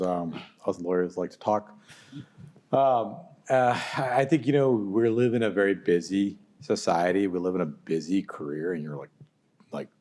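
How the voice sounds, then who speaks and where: Panelist, man, very deep voice, direct and advising, casual asides. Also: a little mellow. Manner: direct, advising, tag questions. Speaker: alumni panelist, litigator. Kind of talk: advice on a panel.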